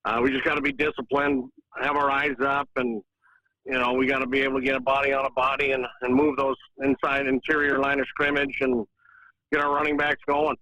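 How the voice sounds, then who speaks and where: A man in his forties, a football coach, talks easily about game plans with a bright, forward tone. The sound is dry and close. He leans on fillers and restarts as he thinks aloud. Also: mid-range voice, flat delivery, brisk, dry recording, poor audio. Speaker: high school football coach. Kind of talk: radio interview.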